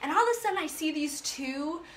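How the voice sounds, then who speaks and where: A woman life coach telling a personal story to her viewers in a chatty, animated way, full of fillers. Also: high-pitched, brisk, reverberant, slight background noise. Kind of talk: casual storytelling to live viewers.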